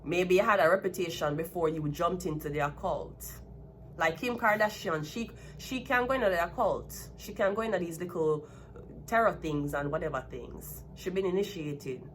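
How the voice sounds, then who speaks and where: There's a touch of hiss or hum as a woman with a fairly low voice, speaking at a moderate pace, reads tarot for her casual vlog. Jamaican-born with a Jamaican accent, she erupts into a heated rant, blunt and full of profanity.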